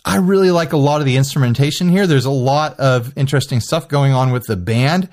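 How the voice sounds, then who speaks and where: A man co-hosting a casual music podcast, chatty and self-deprecating, quick to laugh. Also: mid-range voice, darkish tone. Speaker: podcast co-host. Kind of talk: casual chat.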